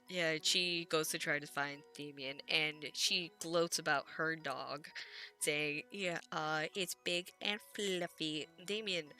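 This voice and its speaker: A woman with a low yet bright, forceful voice rambles through an episode recap, gushing, laughing and swearing casually. Faint music sits under her talk. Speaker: anime recap vlogger.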